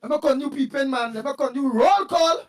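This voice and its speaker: A man's voice: extremely high pitch, brisk, no echo. A Trinidadian man hosting a live morning show, chatty and playful, greeting viewers by name and laughing often.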